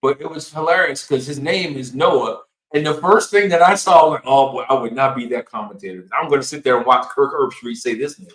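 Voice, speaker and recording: A man co-hosting a casual podcast chat, telling a story with lots of laughter and a lively delivery. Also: mid-range voice, fairly quick, roomy sound, low-quality recording. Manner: animated storytelling with frequent laughter. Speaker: podcast co-host.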